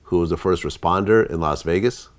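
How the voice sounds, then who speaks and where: A man's voice: sits low, a little fast, smooth. A man hosting an interview, giving reflective and thoughtful remarks. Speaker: interview host. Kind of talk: interview commentary.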